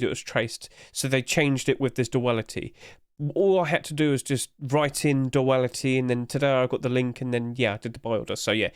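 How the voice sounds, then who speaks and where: A man's voice: medium pitch, clean tone, no echo, studio quality. A young man talking casually through a screen-recorded trading tutorial, rambling with many fillers. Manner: rambling, breaks into laughter. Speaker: YouTuber giving trading tips.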